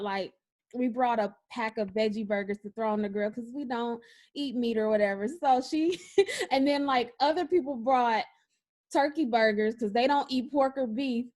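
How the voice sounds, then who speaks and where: A woman co-hosting a casual podcast, telling stories in an animated way and often laughing. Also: on the high side. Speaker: podcast co-host. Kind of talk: casual chat.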